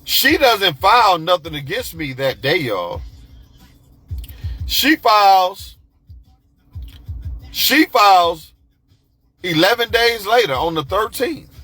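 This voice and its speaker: A man tells his story in a loose, profane monologue, jumping into the voices of the people involved. His voice sits high and sounds sharp and a little raspy. Soft music plays underneath. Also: normal speed. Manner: animated, profane, acts out quoted voices. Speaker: podcast host telling a personal story.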